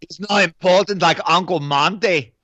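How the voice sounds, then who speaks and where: Man doing a haughty foreign film director, stiff broken english, bright voice, lively pitch. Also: a little fast, no echo, highs cut off. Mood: mocking.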